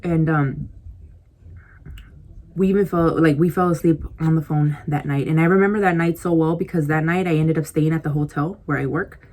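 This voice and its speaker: A woman vlogger with a low, darkish, steady voice speaks at a moderate pace into a compact camera mic. She tells a casual, rambling story to the camera, full of "like" and "you know," confiding in her viewers and speaking directly to them as she snacks.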